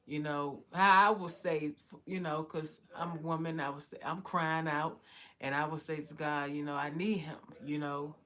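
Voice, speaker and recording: A woman's voice: deep voice, fairly even intonation, moderate pace, sharp tone. Heartfelt woman telling her story. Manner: heartfelt, repeats "you know" often. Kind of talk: emotional personal testimony.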